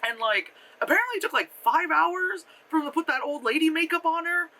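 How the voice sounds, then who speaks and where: Animated, bright-voiced movie reviewer. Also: very high voice, a little fast. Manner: animated, profane, laughs often, many fillers. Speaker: effects artist. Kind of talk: casual spoken film review.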